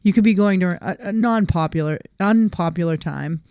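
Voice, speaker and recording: A woman co-hosting a casual podcast about dogs. Her voice is smooth and clear, and the recording is dry with no room sound. She talks emphatically and acts out stories with lively quoted lines. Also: on the low side, normal speed, dry recording. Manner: emphatic, animated, laughs often, acts out quotes. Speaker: dog trainer, podcast co-host. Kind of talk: casual chat.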